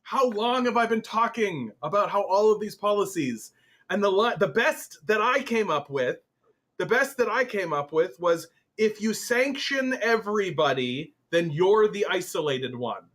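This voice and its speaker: A man hosting a political commentary show, reading an article aloud and reacting to it in an animated, swearing, exasperated way. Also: sits high, a little slow. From Canada.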